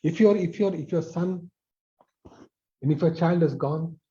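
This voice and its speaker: A man preaching a sermon over a video call, repeating phrases with emphasis and dropping softly at line ends. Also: fairly high pitch, a little slow, lo-fi sound. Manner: repetitive, emphatic with soft drops.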